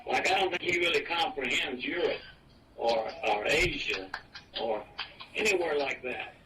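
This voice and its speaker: A man in his eighties from Virginia talks casually about his life, halting and repeating himself with plenty of fillers. His voice sits a little high for his age. The old home recording catches him from across the room, under a clear layer of noise. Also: recorded from a distance. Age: 80s. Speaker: retiree interviewed in an archive recording. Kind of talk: casual reminiscing.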